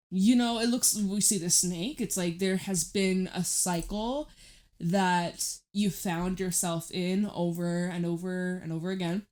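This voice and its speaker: A woman giving a tarot reading to camera, talking in a gentle, reassuring, chatty way with many fillers. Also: medium pitch. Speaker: tarot reader.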